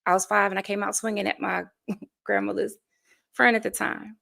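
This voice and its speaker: She talks at a moderate pace in a mid-range voice, delivery flat yet pushed and bright, with vocal fry throughout. This woman in her forties from the United States is a life coach on a casual interview, earnest, full of stories, and prone to laughing between ideas.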